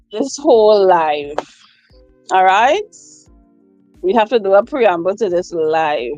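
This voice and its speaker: Slow-talking woman hosting a live chat. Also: mid-range voice, a little mellow, no echo, lo-fi sound. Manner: slow, repetitive, laughs often. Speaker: livestream host. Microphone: phone.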